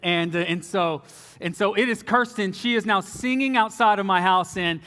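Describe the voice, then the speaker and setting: A young man telling a personal story from the front of a church, animated and often dropping low and soft for quoted lines. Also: normal speed. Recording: long reverb of a large hall.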